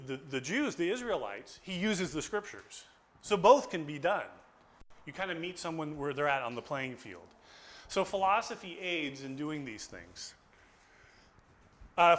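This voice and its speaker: Animated man giving a lecture. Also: on the high side, a little hiss or hum. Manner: animated storytelling, acts out dialogue. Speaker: philosophy lecturer. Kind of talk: informal classroom lecture. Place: small group gathering indoors.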